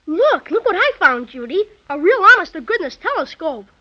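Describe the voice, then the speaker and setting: A woman's voice: very high-pitched, very animated, normal speed. An eager young boy. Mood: curious. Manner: exclaims old-fashioned slang. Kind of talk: 1930s radio acting. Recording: dull old radio recording.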